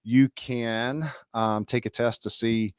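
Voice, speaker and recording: A man with an ordinary mid-range voice co-hosts a relaxed business webinar. He chats in an upbeat way with quick asides. The recording is close and dry. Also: mid-range voice, clear, resonant tone, no echo. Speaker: webinar co-host. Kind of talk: casual webinar talk.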